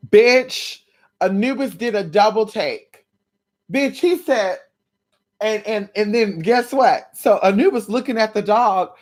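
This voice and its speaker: A woman vlogging from home late at night, talking to her viewers in a sassy, blunt and playful way and calling them honey and sis. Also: medium pitch. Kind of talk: casual talk to viewers.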